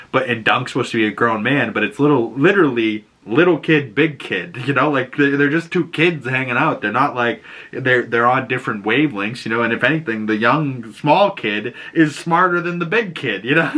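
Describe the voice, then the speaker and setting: Young guy rambling through a show recap, bright tense voice, laughs a lot, acts out the lines. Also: medium pitch. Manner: animated, laughs often, acts out quotes. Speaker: show host recapping a TV episode. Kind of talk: casual recap.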